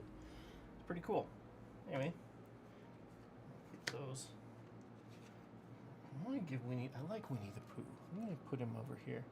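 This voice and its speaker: A man's voice: a little high, gravelly. A man casually chatting to viewers while opening trading card packs at home, playful and talkative. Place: room at home with fans running.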